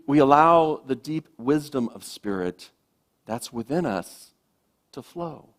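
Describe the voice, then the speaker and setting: A man who is a minister, giving a sermon in a gentle, reflective way, letting phrases trail off softly. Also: fairly high pitch.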